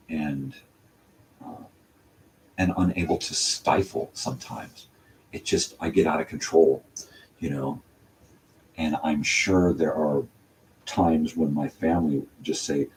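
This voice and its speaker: Older man, very low voice, rambling casual monologue, heard from a distance, faint background hiss. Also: darkish tone. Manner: meandering, talks through his songwriting with many fillers and restarts. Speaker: channel host. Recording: distant mic with faint room noise.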